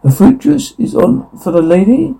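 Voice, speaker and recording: A man voicing a polite restaurant waiter with a put-on French accent, speaking softly. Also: high-pitched, lively intonation, moderate pace, creaky, slightly rough, pitched above the performer's own voice, exaggerated voice, poor audio.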